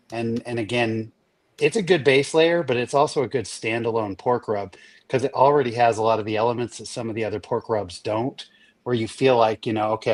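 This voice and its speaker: A man with an average-pitched voice talks up a favorite rub in easy, enthusiastic conversation. His podcast chat is relaxed and friendly. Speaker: panelist.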